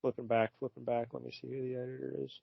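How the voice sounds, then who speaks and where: A man's voice: mid-range voice, completely flat delivery, rapid-fire, vocal fry, breathy edge, no room sound. A man co-hosting a casual podcast, recapping a comic in a laid-back, chuckling way. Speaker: podcast co-host. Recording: muffled lo-fi podcast audio.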